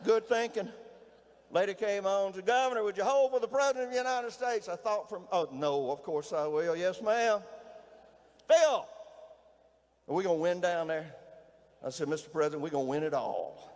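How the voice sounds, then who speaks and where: A middle-aged man with a Southern Mississippi accent, giving a folksy, rousing political rally speech as a governor and often shouting to the crowd. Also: sits high, animated, moderate pace, long pauses. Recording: reverberant hall, faint noise.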